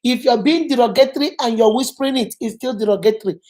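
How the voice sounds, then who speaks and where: A woman's voice: fairly high pitch, fast talker, a little mellow. A middle-aged woman hosting a channel, giving advice in earnest, emphatic casual talk and repeating words for stress. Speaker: channel host.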